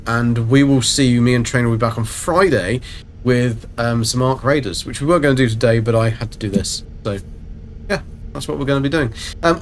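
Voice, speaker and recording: A man's voice: medium pitch, a little hiss or hum. A man chatting casually and rambling through a live game stream. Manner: chatty, rambling, self-mocking.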